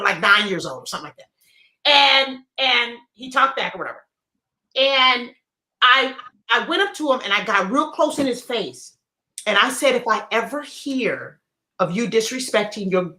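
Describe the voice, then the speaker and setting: A middle-aged woman co-hosting a casual chat, telling stories in an animated, emphatic way. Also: sits high. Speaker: co-host. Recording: echoey room.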